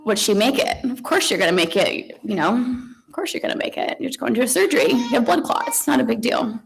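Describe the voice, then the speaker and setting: A middle-aged woman, the mother, giving a eulogy at a memorial service. She talks in a conversational, halting way, with many ums and restarts, and soft tearful laughs between memories. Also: medium pitch, gravelly, poor audio.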